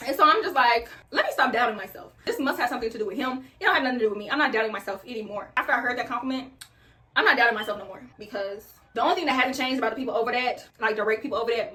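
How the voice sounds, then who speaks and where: A woman's voice: a little high, a bit bright, recorded from a distance. A young woman, chatting casually as she tells a workplace story while doing her makeup, calling her viewers y'all and bro. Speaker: vlogger telling a workplace story.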